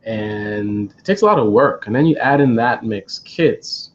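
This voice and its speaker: A man's voice: lowish voice, expressive, a little slow, lo-fi sound. A man telling a rambling storytime on a live stream, hesitant, with many fillers and restarts. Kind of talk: storytime monologue.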